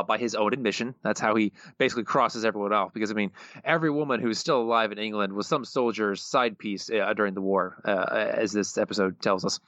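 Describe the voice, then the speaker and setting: A man's voice: lowish voice, fairly bright tone, no echo. A man co-hosting a podcast, loosely recapping plot with many fillers. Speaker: podcast co-host. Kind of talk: casual chat. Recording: dull, dry podcast mic.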